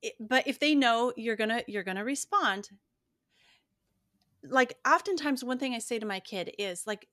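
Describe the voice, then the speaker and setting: A woman co-hosting a podcast, explaining things in a calm, thoughtful way. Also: a little high, normal speed, no echo, clean studio sound. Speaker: podcast co-host. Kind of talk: casual chat.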